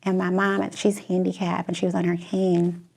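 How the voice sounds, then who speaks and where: Chicago-accented woman, talk guest, heartfelt storyteller with a gravelly edge. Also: lowish voice, moderate pace. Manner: expressive storyteller, laughs and tears up. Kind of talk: emotional personal story.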